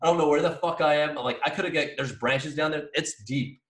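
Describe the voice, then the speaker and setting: A man's voice: on the high side, brisk. Rambling, profane male storyteller in an echoey room. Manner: excitable, swears freely, acts out his own yelling. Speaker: podcast co-host. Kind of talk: casual chat, animated storytelling. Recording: roomy echo.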